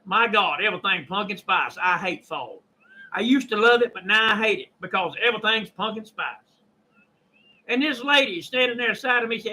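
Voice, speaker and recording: An older man with a Kentucky drawl, talking in a rambling, folksy monologue and clearing his throat often. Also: high-pitched, brisk, sharp tone, rough recording. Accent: Southern US (Kentucky). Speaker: YouTube preacher and storyteller. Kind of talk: casual monologue.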